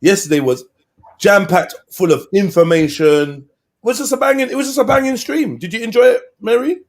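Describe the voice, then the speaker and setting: A man, hosting a live stream and chatting casually with slang and shout-outs to viewers. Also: high-pitched, fairly quick. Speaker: livestream host.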